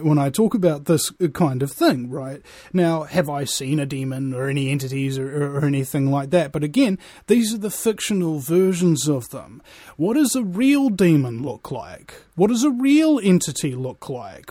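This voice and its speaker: A man's voice: a little high, no room sound, studio quality. A man talking casually to camera, rambling with many restarts and growing heated. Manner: rambling, restarts often, grows heated and loud. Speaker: screenwriter. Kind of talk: casual monologue.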